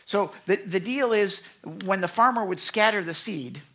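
A pastor preaching a conversational, animated sermon with frequent asides and self-corrections. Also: medium pitch, moderate pace.

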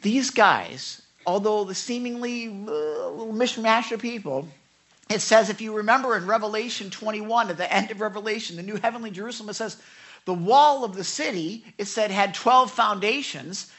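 Bright-voiced woman preaching a sermon. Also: mid-range voice, moderate pace. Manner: animated, frequent stammered repeats; acts out quoted speakers.

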